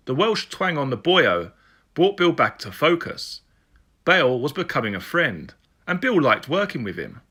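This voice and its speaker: A man narrates an audiobook expressively, like a storyteller. His voice is on the high side and slightly rough, at a moderate pace.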